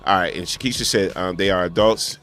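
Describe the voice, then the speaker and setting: Bright-voiced man telling stories on radio. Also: deep voice, a little fast. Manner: animated, talkative storyteller. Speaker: co-host. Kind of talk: casual call-in radio talk.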